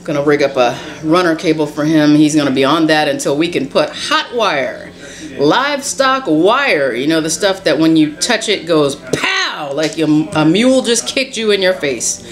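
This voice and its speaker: A woman's voice: deep voice, expressive, moderate pace, hardly any pauses. A woman with a Southern US accent chatting casually in a home vlog, folksy and talkative, filming herself with a handheld camera. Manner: chatty, folksy, says y'all a lot. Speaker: vlogger. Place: home, indoors and in the yard.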